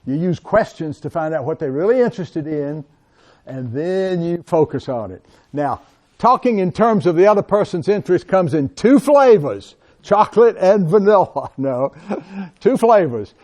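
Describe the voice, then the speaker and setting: A middle-aged man lectures a college class in an animated, hands-on way, often turning to the students and calling them guys. His voice sits a little higher than most men's. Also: moderate pace.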